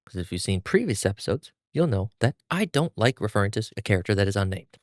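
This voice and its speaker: A man's voice: on the low side, sing-song, fast, no room sound, clean studio sound. A man hosting a podcast, recapping and discussing a manga with enthusiasm. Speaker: podcast host. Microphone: mic on stand.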